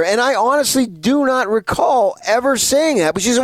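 A man's voice: high-pitched, expressive, moderate pace, few pauses, no room sound. A man co-hosting a sports radio show, bantering in a mock-indignant, theatrical way. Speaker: radio co-host. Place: radio studio.

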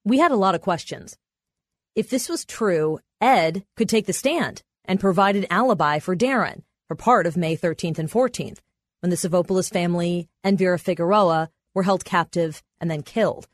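A woman reporter and podcast host, telling a court story in measured, matter-of-fact scripted narration. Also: on the low side, lively intonation, dry recording.

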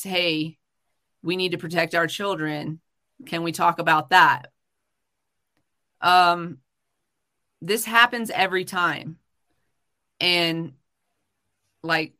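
A woman's voice: fairly low pitch, bright, forceful tone. A woman hosting a casual livestream chat, talking heatedly with frequent swearing, fillers and restarts. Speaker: livestream host. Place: home livestream.

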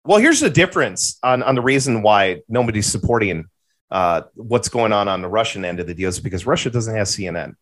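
A man in casual podcast conversation, ranting with profanity and animated exclamations. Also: on the low side, fairly quick. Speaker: podcast guest.

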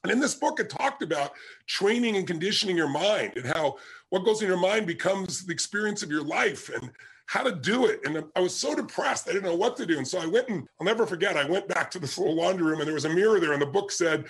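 A man's voice: high-pitched, expressive, fast, fairly bright tone, breathy edge. A middle-aged man giving an emphatic motivational talk to his audience, telling stories and punching key words. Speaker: motivational speaker.

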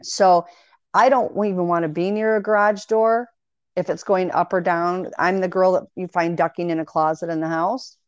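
A woman in casual conversation, telling long animated anecdotes full of quoted dialogue. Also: on the low side, normal speed, smooth, dry recording. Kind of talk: casual storytelling chat. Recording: dry, dull lo-fi sound.

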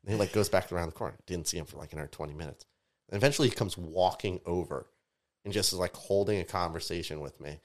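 A man from Tampa, a DJ and music producer, telling animated stories in casual podcast chat, his voice jumping up when he acts out what people said. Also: low-pitched, fast talker. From Tampa, Florida. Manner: animated storyteller, voices rise sharply in quoted outbursts.

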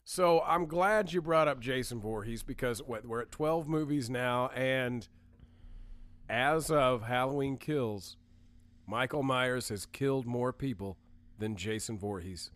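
A man co-hosting a podcast in casual chat, enthusiastic and quick to laugh. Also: mid-range voice, a bit bright. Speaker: podcast co-host.

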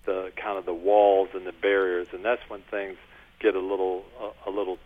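A man, a coach and author, answering interview questions in a measured, earnest way. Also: low-pitched, flat delivery. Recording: tinny phone-line call.

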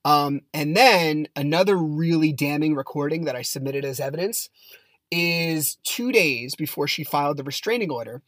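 A man's voice: on the high side, moderate pace, fairly bright tone, dry recording. Blunt, heated man on a dry mic. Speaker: podcast host. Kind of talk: casual podcast monologue.

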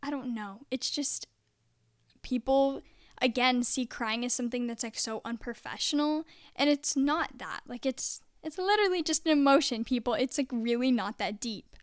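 A woman's voice: sits high, normal speed, dry recording, studio quality. A young adult woman talking casually to camera in a confessional vlog, chatty and full of "like". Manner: chatty, peppered with "like". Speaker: vlogger.

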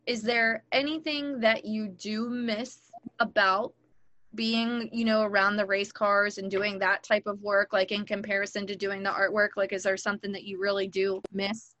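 A woman's voice: medium pitch, level tone, normal speed, pushed and bright, no echo. A woman interviewing a guest in a casual, chatty way, with frequent filler words.

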